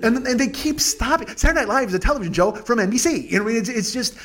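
A man with a high-pitched voice rants in casual podcast chat. He swears freely and runs himself down, jumping from loud emphatic bursts to low mumbles. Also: lively intonation, quick pace. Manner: profane, rambling, self-deprecating rants. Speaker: podcast host.

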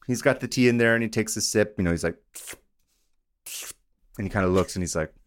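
A man co-hosting a podcast, telling a story in a casual, animated, joking way. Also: fairly low pitch, a little fast. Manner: animated, joking, drops into voices. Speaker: podcast co-host.

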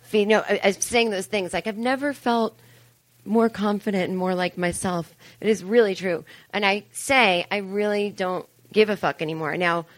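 A woman's voice: mid-range voice, steady tone, normal speed, no room sound. A woman in her forties doing a chatty, profane, self-mocking live comedy monologue on stage, full of asides. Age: 40s. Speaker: comedian and podcast host. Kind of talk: live stand-up style monologue. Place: live show venue with audience.

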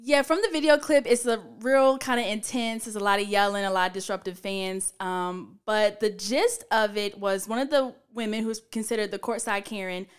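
A woman co-hosting a podcast in casual chat, relaxed as she recounts the news. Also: mid-range voice, moderate pace, hardly any pauses, clear, resonant tone. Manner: relaxed, recounts news and reads statements aloud. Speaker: podcast co-host.

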